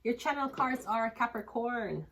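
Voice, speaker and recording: A woman's voice: on the high side, lively intonation, unhurried, a bit bright. Woman, tarot reader, blunt, rambling, crude casual delivery. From Jamaica. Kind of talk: casual tarot reading with sung snippets.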